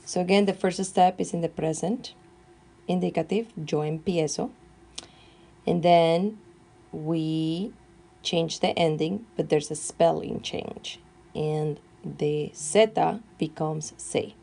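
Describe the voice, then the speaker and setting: A woman teaching Spanish grammar, slowly and carefully dictating verb forms one at a time. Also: sits low, steady tone, gravelly, warm tone. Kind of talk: classroom grammar lesson.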